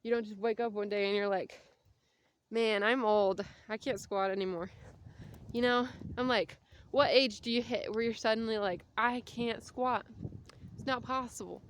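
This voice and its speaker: Walking outside along a street, a woman in her thirties vlogs in a chatty, tangent-filled ramble, a little breathless from the walk. Her fairly high voice holds a steady tone at normal speed, with a little hiss or hum.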